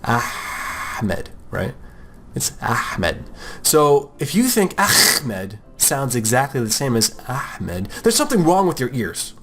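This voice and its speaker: With a mid-range, somewhat bright voice, this young American art podcast host takes his time and speaks in a sing-song way, with faint music playing behind him. Drawing as he talks, he rambles casually about art and his name, cracking jokes and often mimicking other people.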